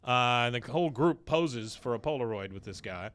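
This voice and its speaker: A man co-hosting a podcast, casually retelling a cartoon episode and jumping into quick voices for the characters. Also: medium pitch, clean tone, no echo. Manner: animated, acts out characters' lines in quick put-on voices. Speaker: podcast co-host recapping an episode.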